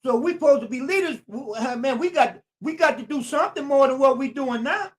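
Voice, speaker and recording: A man's voice: very high voice, lively intonation, a little fast. A man speaks on his own live stream. He repeats his phrases over and over with a preacher's emphasis. Now and then he breaks off to greet viewers by name. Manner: talks straight at viewers and greets them by name.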